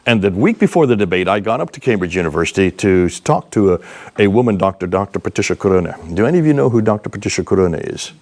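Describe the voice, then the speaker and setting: A man in his sixties giving a seminar talk, telling lively, emphatic anecdotes to a live audience. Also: on the low side, quick pace. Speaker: seminar speaker. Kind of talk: animated storytelling lecture.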